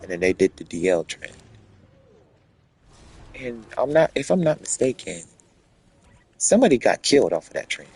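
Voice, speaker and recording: A man's voice: medium pitch, sing-song, moderate pace, long pauses, darkish tone, slightly rough, rough recording. A man telling a rambling, profane story in a casual rant.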